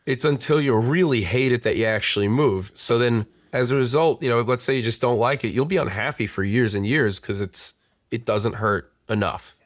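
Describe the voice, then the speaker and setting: A man hosting a casual sales podcast talks in loose, rambling runs full of restarts and fillers. His pitch sits in the middle for a man. The sound is dry and close, with no room around it. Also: normal speed, dry recording. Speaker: podcast host and sales coach. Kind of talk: casual conversational interview.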